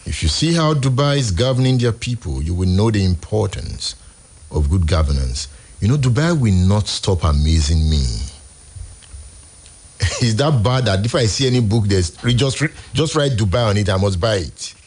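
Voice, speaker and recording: A Nigerian man hosting a radio show, giving emphatic, exasperated commentary in a husky voice. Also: on the low side, very animated, moderate pace, a little mellow. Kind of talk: impassioned on-air commentary. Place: radio studio.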